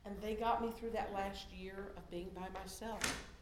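A middle-aged woman giving a sermon in a conversational way, swinging from loud emphasis down to soft, hushed tones. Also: mid-range voice, fairly even intonation, moderate pace, echoey room, a little hiss or hum. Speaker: lay preacher.

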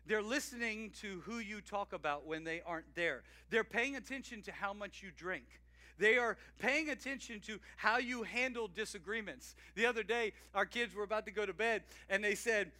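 Male pastor in his forties, high and very bright voice, energetic conversational sermon delivery. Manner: energetic, conversational, laughs often, shouts greetings.

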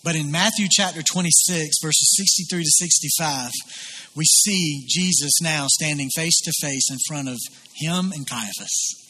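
A man's voice: on the high side, unhurried, pushed and bright, husky. A man preaching a sermon, retelling a biblical scene and voicing its people as he goes. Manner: storytelling with voiced quotes of biblical figures. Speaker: pastor.

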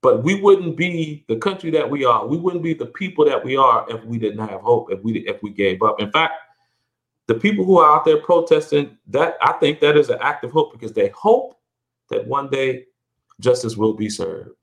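A man's voice: mid-range voice, lively intonation, moderate pace, fairly bright tone. A middle-aged man speaking earnestly as a podcast guest, often repeating and restarting words, his voice rising when he stresses a point. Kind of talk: reflective conversational interview.

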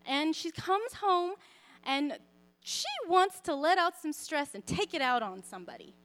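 A woman in her thirties shares a personal testimony in the easy, rambling way of a sermon, full of fillers and asides. Her voice sits high, and she keeps a warm, earnest, conversational tone throughout. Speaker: speaker sharing a testimony.

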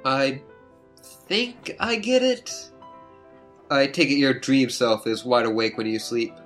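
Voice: mid-range voice, very animated, a little slow, faint music behind. A performer voicing a dry, sardonic young woman who talks in long, ironic, wordy sentences.

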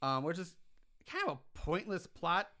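A man casually recapping a film's plot on a podcast, animated and exasperated by the plot holes. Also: sits high, a little slow. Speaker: podcast co-host recapping a film.

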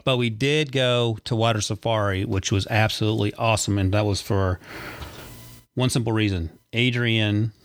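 A man's voice: lowish voice, fairly even intonation, moderate pace, dry recording, soft background music. A man hosting a casual family podcast with his young sons, teasing them with dry humor.

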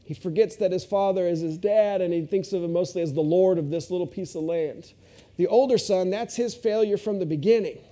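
A man's voice: high-pitched, fairly quick. A man preaching a sermon, retelling a story expressively. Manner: expressive, shifts voice for characters.

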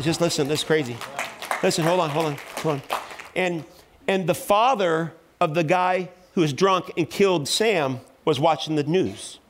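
A middle-aged man preaching a sermon in a church, telling stories and building up to loud, fervent exhortation. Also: a little high. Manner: storytelling, voice rising to loud preaching. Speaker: pastor.

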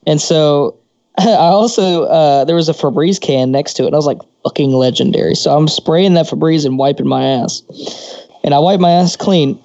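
A man with a fairly high voice tells crude stories on a podcast, laughing often and swearing freely. The sound is dry and a little muffled, like a home mic. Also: dark tone, no echo. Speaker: podcast co-host. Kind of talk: casual crude storytelling.

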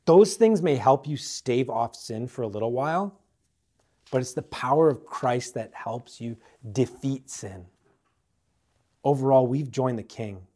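A man preaching a sermon, swinging between forceful emphasis and quiet, hushed appeals to the listener. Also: medium pitch, lively intonation, measured pace.

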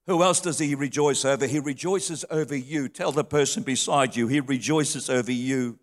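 A middle-aged man preaching a sermon, telling heartfelt stories and shifting from soft, quiet passages to lifted, emotional ones. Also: mid-range voice, normal speed. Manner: heartfelt storytelling, dropping soft then rising. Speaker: pastor. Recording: long reverb of a hall.

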